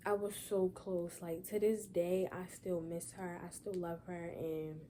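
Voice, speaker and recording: A woman's voice: on the low side, little pitch movement, a little slow, mellow. Young female vlogger, holding back tears, rambling with lots of fillers over faint background noise. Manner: rambling, repeats "y'all" and "like". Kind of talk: emotional personal vlog.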